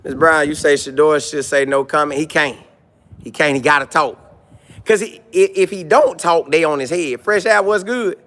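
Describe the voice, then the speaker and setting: Over slight background noise, a man with a voice on the high side talks at a moderate pace on a live stream. He reads comments and riffs jokingly, animated, repeating lines and adopting mock voices.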